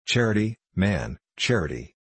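An earnest Methodist preacher pleads for charity and sermonizes with righteous fervor, as a man reads him aloud. His voice is low and husky, and it is recorded dry and close. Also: big pitch swings, unhurried, fairly bright tone, no room sound, full character voice. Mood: pleading.

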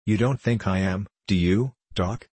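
A man reading the part of an overwrought, haunted ship captain in a storybook, with a husky voice. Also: lowish voice, a little slow, a little mellow. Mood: pleading.

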